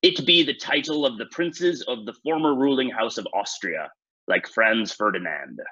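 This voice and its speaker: Man putting on a weak pirate voice, husky, lively pitch, dry lo-fi sound. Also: normal speed. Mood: mock-piratey. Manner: reads clues in pirate grammar, says "be" instead of "is". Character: man playing a hammy, half-hearted pirate quizmaster.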